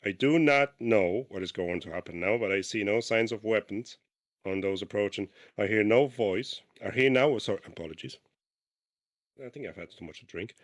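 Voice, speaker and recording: Male podcast co-host, lowish voice, casual reader who stumbles and restarts. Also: lively intonation. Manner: reads haltingly with restarts, breaks off to comment. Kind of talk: casual podcast chat, reading a diary aloud.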